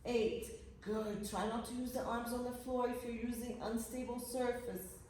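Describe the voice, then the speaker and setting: This instructor's voice sits on the high side, level and somewhat dark, at a moderate pace as she energetically coaches a pilates class through its reps, occasionally out of breath. There's a roomy, far-off echo and a faint hiss or hum.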